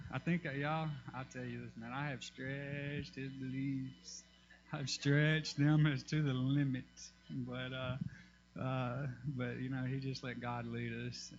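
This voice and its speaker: Gravelly man giving testimony. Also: mid-range voice, muffled recording, slight background noise. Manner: halting, with many fillers and restarts. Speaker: church member giving testimony. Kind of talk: personal testimony to a congregation. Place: church.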